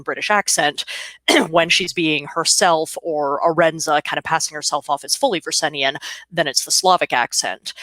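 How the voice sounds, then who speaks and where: A woman's voice: low voice, a bit bright, no room sound. A woman speaking as a guest author in a livestreamed bookshop conversation, explaining at length and laughing between points.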